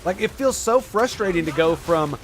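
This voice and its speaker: A man giving live gameplay commentary as a streamer, excitable and quick to swear and rant in exasperation. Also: high voice.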